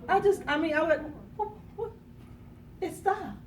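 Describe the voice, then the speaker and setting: A woman's voice: very high voice, fairly quick, a little hiss or hum. A woman motivational speaker telling a dramatic personal story, acting out the quotes with gasps and bursts of laughter. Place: conference room. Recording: echoey room from a distance.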